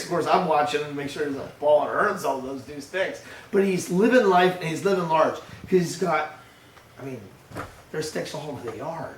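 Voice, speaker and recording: An older man, a pastor, giving a sermon with lively storytelling, acting out his grandson's voice. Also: fairly high pitch, moderate pace. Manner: storytelling, animated, acts out a toddler's voice. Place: church. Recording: echoey church room heard from a distance.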